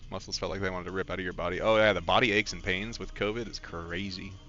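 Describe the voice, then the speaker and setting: A man's voice: deep voice, steady tone, fast, bright, forceful tone, highs cut off, faint music behind. A man streaming a game, chatting casually in a rambling, candid and emotional way. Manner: rambling, candid and emotional, talks to his dog. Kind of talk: casual live-stream chat.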